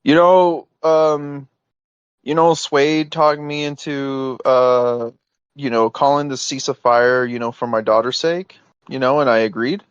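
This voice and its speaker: A man speaks insistently over a voice call, exasperated and padding his points with fillers. His voice sits at an ordinary male pitch. The audio is dry and muffled, like a lo-fi chat recording. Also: steady tone, unhurried, clear, resonant tone, no room sound. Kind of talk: heated private voice call.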